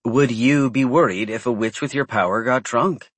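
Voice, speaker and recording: A man's voice: mid-range voice, moderate pace, fairly bright tone, husky, no room sound. A man voicing a blunt, protective young female werewolf. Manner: blunt, demanding.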